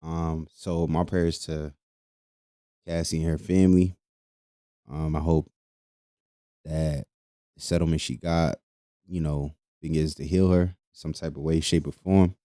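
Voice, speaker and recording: A man's voice: extremely low pitch, level tone, unhurried, long pauses, warm tone, no echo, clean studio sound. A young man hosting a casual podcast, talking loosely with lots of profanity and laughing between lines. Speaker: podcast host. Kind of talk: casual solo podcast commentary.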